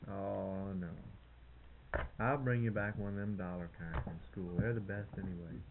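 Gravelly young man on old home tape. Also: deep voice, steady tone, moderate pace, phone-quality sound, a little hiss or hum. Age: young adult. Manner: easygoing, laughs often. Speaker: college student home on break. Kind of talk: casual family chat.

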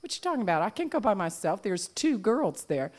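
A woman's voice: medium pitch, big pitch swings, fairly quick, a little mellow. Woman doing a swaggering ladies'-man wolf. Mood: brash.

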